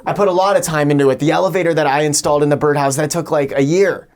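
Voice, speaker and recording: A man playing an absurd, self-pitying celebrity candidate in an improvised comedy interview, talking deadpan and rambling with stammered restarts. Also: fairly high pitch, very fast, natural voice. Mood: earnest boasting.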